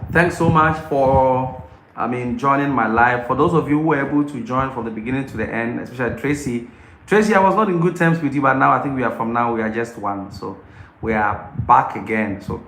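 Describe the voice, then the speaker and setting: Brief: man, channel host on a casual live Q&A, animated, repeats himself a lot, average pitch, roomy echo. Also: a little hiss or hum. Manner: animated, repeats phrases often. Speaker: YouTube channel host answering viewers live. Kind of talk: casual livestream Q&A talk.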